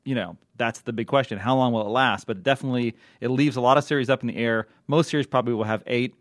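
A man at a middle pitch chats on a podcast about television, stopping and restarting often and filling gaps with "uh". His voice is close and dry, with no room sound. He talks easily. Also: fast, no echo. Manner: chatty, many fillers and restarts. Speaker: podcast co-host, TV critic. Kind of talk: casual podcast chat.

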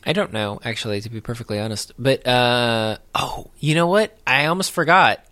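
A man's voice: medium pitch, moderate pace, bright, forceful tone. A man co-hosting a casual podcast, recapping a film in a rambling, hesitant way with lots of fillers and dry sarcasm. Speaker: podcast co-host.

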